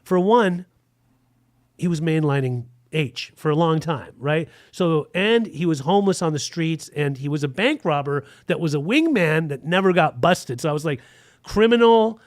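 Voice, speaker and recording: A man in his forties tells a frank, rambling story in a podcast interview, with "like" scattered through his speech. His voice sits a little high for a man. The recording is dry, with no room sound. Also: normal speed, dry recording. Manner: rambling, frank, full of "like" fillers.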